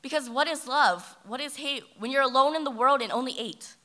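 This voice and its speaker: A woman's voice: high-pitched, brisk, heavy background noise. Teen girl performing dramatic slam poetry. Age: teens. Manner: dramatic, swings from loud to hushed. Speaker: high school slam poet. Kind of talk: spoken word performance. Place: ballroom stage.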